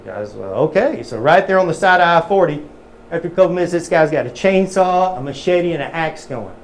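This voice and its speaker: Male trainer, casual and folksy, slightly high pitch, faint background hiss. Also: animated, a little fast. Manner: casual, folksy, many fillers. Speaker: metering trainer. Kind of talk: webinar teaching and joke-telling.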